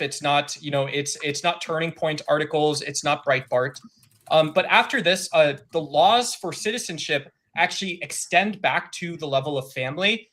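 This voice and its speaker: A man calling in to a live stream debate, arguing in a halting, filler-heavy, accusatory way. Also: a little high, a bit bright. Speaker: caller asking a debater a question. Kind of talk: argumentative live stream call-in.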